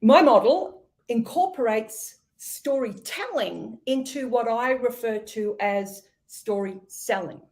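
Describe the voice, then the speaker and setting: A woman from Australia with an Australian accent, a sales expert explaining her ideas in an interview, thoughtful and measured. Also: fairly high pitch, animated, a little mellow. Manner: thoughtful, measured, with ums and light laughs. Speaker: podcast guest, sales expert.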